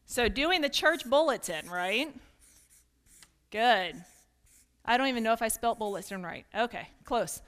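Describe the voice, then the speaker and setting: A pastor's wife from Kentucky with a slight Kentucky accent, giving an earnest, candid talk to a women's gathering and inviting answers from the room, with light self-deprecating humor. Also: female voice, fairly high pitch, expressive, a little slow, long pauses, fairly bright tone. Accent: Kentucky with some Northern mix. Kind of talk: candid teaching talk with audience participation.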